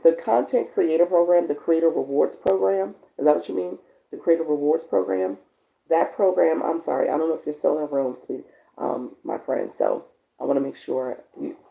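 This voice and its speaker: A woman's voice: creaky, highs cut off. A woman hosting a live stream as a coach, chatting casually and encouragingly with her viewers and reading their comments aloud. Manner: encouraging, chatty, bursts into high excited laughter.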